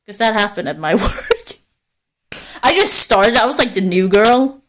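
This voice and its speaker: A woman livestreaming on a walk through a forest, chatting casually to viewers in a rambling, swearing way. She is cold, and her voice rises and falls in loudness as she walks. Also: mid-range voice, lively intonation, measured pace, slight background noise. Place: outdoors in a forest.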